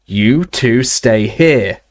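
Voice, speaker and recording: A man's voice: medium pitch, expressive, very slow. A man voicing a determined teenage boy wizard hero in an audiobook reading, earnest and urgent.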